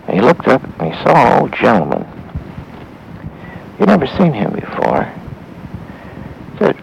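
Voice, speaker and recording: A man tells a Christian story in a halting way, pausing and going back over his words. His voice is low and very gravelly, with faint wind noise behind it. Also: huge pitch swings, rough recording. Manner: halting, with pauses and restarts. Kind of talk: spoken Christian story for listeners.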